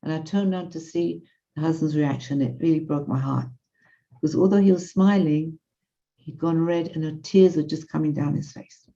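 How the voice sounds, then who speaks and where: Mellow, low-voiced woman telling a story in class. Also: normal speed, vocal fry. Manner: animated, conversational, quotes others. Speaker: lecturer. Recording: muffled lo-fi audio.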